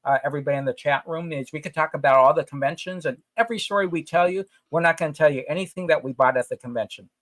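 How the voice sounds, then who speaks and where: A man's voice: fairly high pitch, rapid-fire, hardly any pauses, dry recording. Dry-sounding man telling convention stories. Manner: storytelling, animated, emphatic. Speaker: podcast co-host, comic retailer. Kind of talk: casual chat.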